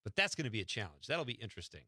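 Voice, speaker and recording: A man's voice: on the low side, sing-song, racing, sharp tone, no echo. A man hosting a radio show from the studio, chatting casually and teasing his co-host. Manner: joking, teasing.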